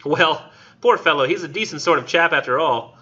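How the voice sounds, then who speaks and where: A man reading out a pleased, talkative middle-aged gentleman in a lightly raised, casual voice, on a dull lo-fi recording. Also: on the high side, moderate pace, pitched above the performer's own voice. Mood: chatty.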